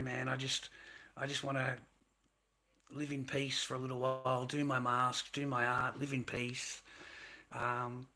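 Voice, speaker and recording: Male livestream host, bright cutting tone, rambling and profane venting. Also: medium pitch. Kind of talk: unscripted livestream rant.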